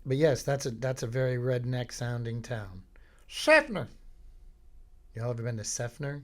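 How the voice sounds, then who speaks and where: A man's voice: medium pitch, steady tone, fairly quick, dark tone. A man from Florida hosting a podcast, telling rambling, jokey stories in a casual comedic monologue. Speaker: podcast host.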